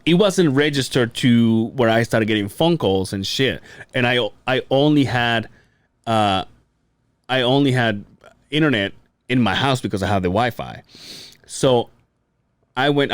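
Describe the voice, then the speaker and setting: A man's voice: medium pitch, dry recording, studio quality. A man from Mexico, a podcast co-host, chatting casually and rambling with lots of fillers and restarts. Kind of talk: casual chat.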